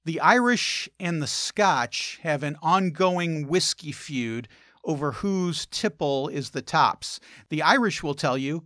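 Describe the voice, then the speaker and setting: A man's voice: a little high, a bit bright, no echo, studio quality. A man hosting a travel and food show, narrating wry anecdotes in a scripted style.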